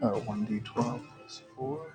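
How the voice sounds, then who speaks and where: A man playing a tabletop game, talking slowly and haltingly as he works out his turn. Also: medium pitch, over music, poor audio. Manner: slow and halting, bursts into shouts. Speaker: player.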